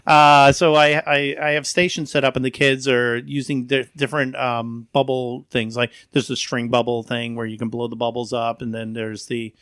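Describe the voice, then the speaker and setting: Man from Florida, animated podcast guest, acts out dialogue, laughs a lot, dry close sound, mid pitch. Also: normal speed, hardly any pauses, clean tone, no echo. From Florida, USA. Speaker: guest, magician and balloon artist. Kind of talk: casual podcast conversation.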